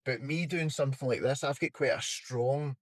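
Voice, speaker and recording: Male podcast host, strong working-class Scottish accent, casual and agreeable. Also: mid-range voice. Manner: chatty, agreeable, quick to laugh. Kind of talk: casual interview chat.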